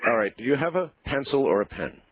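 A man hosting a late-night radio call-in show, speaking deliberately and cutting in to steer the caller. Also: mid-range voice, very animated, slight background noise. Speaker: radio host. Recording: dull lo-fi radio broadcast.

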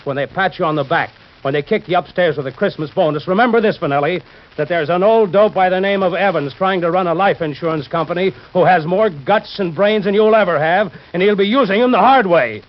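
An actor playing a stern, principled insurance company boss who talks in a firm, lecturing and sarcastic way, in 1940s radio acting style. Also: male voice, high-pitched, fairly quick, lightly acted. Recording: dull lo-fi old radio recording.

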